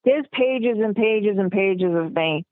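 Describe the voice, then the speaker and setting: A woman's voice: medium pitch, expressive, slow pace, no room sound. A woman from New York, a guest actress chatting casually in an interview, rambling with lots of fillers. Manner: rambling, heavy use of fillers like "like" and "you know". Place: remote call from home city. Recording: tinny phone line, dry.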